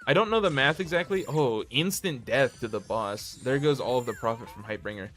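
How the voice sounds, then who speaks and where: A man live-commentating a board video game on his stream, calling each move in quick play-by-play with self-deprecating asides. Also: mid-range voice, animated, fairly bright tone, soft background music. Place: home streaming setup.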